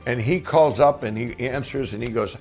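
A man's voice: mid-range voice, normal speed, a little mellow, faint music behind. A middle-aged man casually telling his own life story, rambling, with many restarts and fillers.

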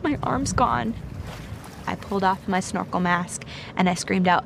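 A woman earnestly retelling a personal ordeal as a guest, speaking with faith and frequent pauses. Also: on the high side, vocal fry. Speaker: guest storyteller. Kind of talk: personal testimony. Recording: noisy recording.

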